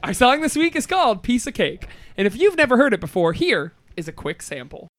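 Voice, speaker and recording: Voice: medium pitch, big pitch swings, a little fast, fairly bright tone, soft background music. A podcast co-host in casual, playful chat who laughs often and swears casually.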